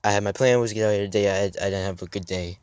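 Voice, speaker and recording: Young male fitness vlogger, slightly low voice, casual and meandering, restarts a lot, recorded outdoors. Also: steady tone, a little mellow, smooth, no echo. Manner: halting, restarts often, drifts off topic. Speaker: fitness YouTuber. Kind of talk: rambling casual vlog talk.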